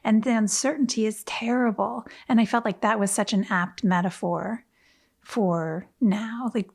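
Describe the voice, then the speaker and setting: A woman co-hosting a book podcast in casual chat, animated and often laughing as she reads passages aloud. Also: medium pitch, unhurried, vocal fry, slightly rough. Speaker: podcast co-host.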